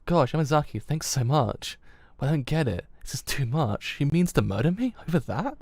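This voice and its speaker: A man's voice: fairly high pitch, sing-song, moderate pace, gravelly, a little mellow, no echo, studio quality, exaggerated voice. Man reading as scheming schoolgirl. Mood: plain.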